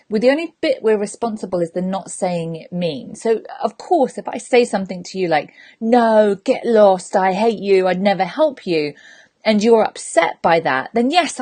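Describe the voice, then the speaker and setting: A woman hosting a sobriety podcast, speaking directly to her listeners in an animated, frank way and acting out short scenes. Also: medium pitch. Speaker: sobriety coach and podcast host. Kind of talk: motivational talk to listeners.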